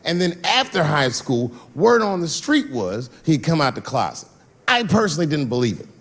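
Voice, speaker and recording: A man doing a stand-up comedy routine, telling loose, profane stories with sudden swings in pitch. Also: very animated, moderate pace, fairly bright tone. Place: stage before a live audience.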